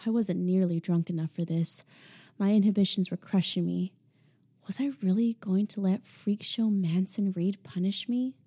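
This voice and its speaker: Woman narrator for a first-person audiobook; measured, intimate, dark warm tone. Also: mid-range voice, fairly even intonation, husky.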